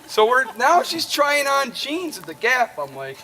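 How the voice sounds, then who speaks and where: A middle-aged man telling a story to friends at a party, laughing through it in an animated way, in an amateur video recording. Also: extremely high pitch, a little slow. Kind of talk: casual anecdote to a group. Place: outdoor gathering with friends. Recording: loud noise, amateur video.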